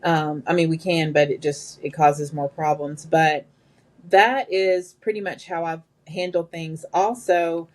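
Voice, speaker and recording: A woman with a low voice, speaking a little slowly, is a guest sharing work stories in casual conversation. She tells them animatedly, quoting the people involved in their own voices as she goes.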